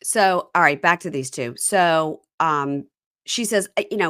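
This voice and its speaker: A podcast host with a deep voice and fairly bright tone chats casually at an unhurried pace. She retells reality-show scenes at length, quoting the cast members.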